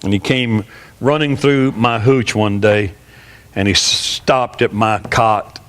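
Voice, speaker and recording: A man in his sixties, a pastor, telling an earnest story in a sermon, halting and often repeating himself. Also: on the low side, steady tone, fairly bright tone. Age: 60s.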